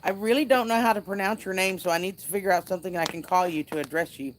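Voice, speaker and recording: A woman's voice: mid-range voice, fast, a little hiss or hum. A woman hosting a casual outdoor livestream by a fire, chatting and reading viewer comments aloud. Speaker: livestream host.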